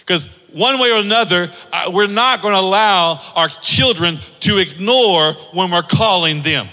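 A man's voice: high voice, unhurried, pushed and bright, long reverb tail. A man preaching a sermon to his congregation. He stacks up rhetorical questions and rises into sing-song emphasis. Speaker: pastor.

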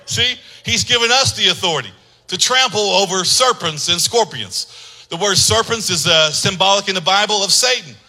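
A male pastor with a high, strikingly bright and forceful voice. He tells stories in a low, conversational way, then builds into loud, shouted preaching. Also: rough recording. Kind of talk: sermon.

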